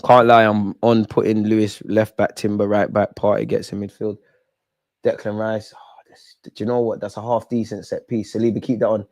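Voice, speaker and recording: A young man hosting a live football watch-along, talking at the players on screen and yelling at big moments. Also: on the low side, normal speed. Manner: excitable, talks to the players on screen; shouts and yells at goals and chances.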